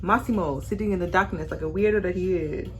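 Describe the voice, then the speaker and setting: Sassy animated young woman vlogger. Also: lowish voice, fast talker, faint music behind. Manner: sassy, animated storyteller acting out characters. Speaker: vlogger reviewing a movie while doing makeup. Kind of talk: casual chat.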